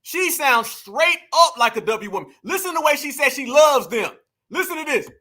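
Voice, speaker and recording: An animated commentary host reacts to clips and talks straight to the audience. The voice is high and bright. The delivery jumps between quick asides and loud exclamations. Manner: animated, exclamatory, addresses viewers as family and y'all. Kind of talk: heated commentary vlog.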